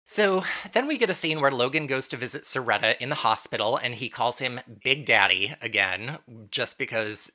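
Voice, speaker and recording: A man hosts a casual podcast, walking through a TV episode scene by scene. His voice is very bright and cutting, and he keeps dropping wry jokes and asides as he goes. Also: mid-range voice, lively intonation, moderate pace, hardly any pauses. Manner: wry, joking recap with bursts of laughter. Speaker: podcast host recapping a TV episode. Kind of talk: casual chat.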